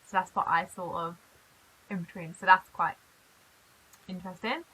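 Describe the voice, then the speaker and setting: A British woman from the UK chatting in a casual vlog, animated and quick to laugh. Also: lowish voice, breathy edge, poor audio. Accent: British English. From United Kingdom. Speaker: YouTuber.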